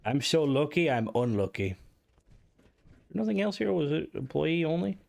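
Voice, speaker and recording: With a fairly high, sing-song voice, vocal fry, and a darkish tone, this man talks at a moderate pace during a live game stream. He chats casually with viewers, swears freely, and reacts out loud to the on-screen action.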